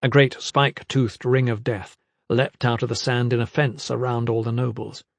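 Brief: male audiobook narrator, measured dramatic delivery, middle pitch, dead-dry booth sound. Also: flat delivery, vocal fry, no echo. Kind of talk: scripted fantasy narration.

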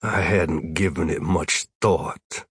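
A weary, put-upon wizard grumbles with sardonic dryness in a low voice. A man plays him while reading a story aloud. The recording is dry and close. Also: lively intonation, unhurried, slightly rough, dry recording. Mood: grumbling.

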